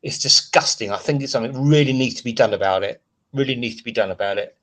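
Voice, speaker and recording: Fast and a bit bright, at a medium pitch, a man hosts a relaxed live stream. He goes on frustrated, rambling rants and reads viewers' chat messages as he talks.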